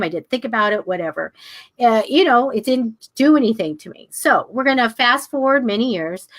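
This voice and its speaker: An older woman teaching a class, telling stories in a chatty, animated way and jumping high in pitch when she acts out the people she quotes. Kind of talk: casual storytelling to a class.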